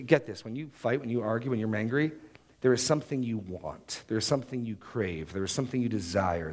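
A married man preaching a sermon, acting out the prayers and excuses he quotes. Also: medium pitch. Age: adult, married. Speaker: pastor.

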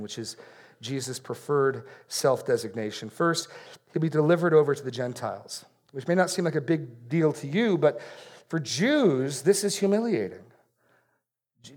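A man preaching an expository sermon in an earnest way, repeating key phrases for emphasis and going quiet on solemn points. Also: medium pitch.

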